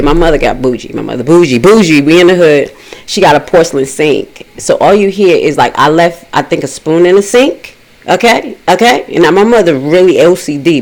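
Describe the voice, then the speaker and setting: Woman, casual storyteller, swears freely, jumps into a high voice for the quoted lines. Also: low-quality recording. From Haitian family. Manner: animated, profane, acts out dialogue in a higher voice. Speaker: host telling a personal story.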